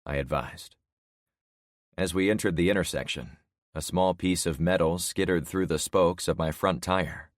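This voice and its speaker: A man narrating a story in first person with a steady, measured reading, close to the mic. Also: deep voice, dry recording. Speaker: audiobook narrator.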